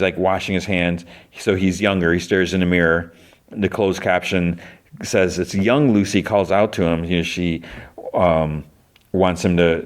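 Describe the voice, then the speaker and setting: A man hosting a podcast, recapping a TV episode casually with lots of fillers and restarts. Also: low-pitched. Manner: rambling, heavy use of fillers and restarts; briefly acts out characters' lines in quotes. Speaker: podcast host.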